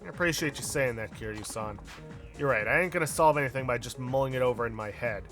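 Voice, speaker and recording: A man's voice: mid-range voice, fast, a bit bright, faint music behind, close to an everyday voice. A man reading the lines of a brash young female hostess, blunt and slangy. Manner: blunt, slangy, tough-talking.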